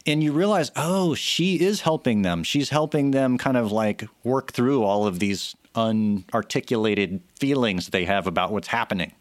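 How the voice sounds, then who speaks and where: A man's voice: lowish voice, moderate pace, few pauses, no echo. Opinionated man, dry close mic. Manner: opinionated, animated musings with many restarts. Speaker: podcast cohost. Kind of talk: casual chat. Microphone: studio microphone.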